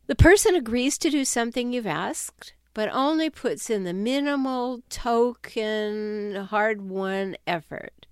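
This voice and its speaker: A woman speaking as a self-help author, talking straight to her listeners with a wry, no-nonsense edge. Her voice is smooth and resonant, and the recording is close and dry with no room sound. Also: medium pitch, unhurried, no echo. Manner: wry, direct, with uneasy laughs. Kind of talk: conversational talk to camera or listeners.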